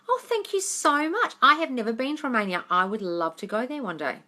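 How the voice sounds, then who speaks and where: Very animated and quick, with few pauses, this woman's slightly high voice has a sharp tone. She's a manifestation coach on a casual livestream answering viewers' questions, frank and emphatic, swearing freely and addressing everyone as darling.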